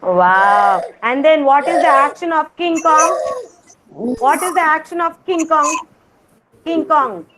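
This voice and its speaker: A woman's voice: sits high, measured pace, long pauses. A woman teaching a kindergarten class over a video call, coaxing the children with sing-song, repeated questions. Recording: noisy video call audio.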